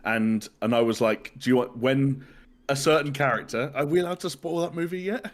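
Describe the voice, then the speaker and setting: A man's voice: mid-range voice, a little fast. A man from the UK hosting a podcast in casual chat, rambling and restarting his sentences. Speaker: podcast host.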